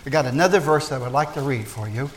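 A man preaching a sermon as pastor, folksy and joking with the congregation, swinging between loud emphasis and soft, hushed asides. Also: mid-range voice, fast talker. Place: church.

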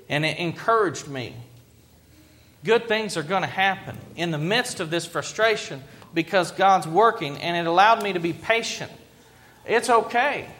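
A man preaching a sermon in an earnest, reflective way, pausing to let points land. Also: high voice, pushed and bright, a little hiss or hum. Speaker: pastor.

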